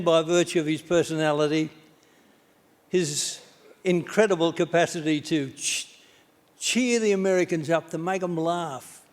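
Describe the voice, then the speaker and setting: An older Australian man, a former minister, giving a blunt, folksy and jokey tribute speech at an award ceremony. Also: on the high side. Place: large ceremony hall. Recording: long hall reverb.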